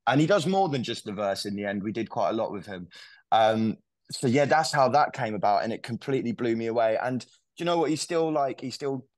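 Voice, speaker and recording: A man's voice: mid-range voice, expressive, fairly quick, no echo. A young English man, a musician, telling stories in a casual interview, rambling with lots of fillers and restarts. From England. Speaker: musician guest.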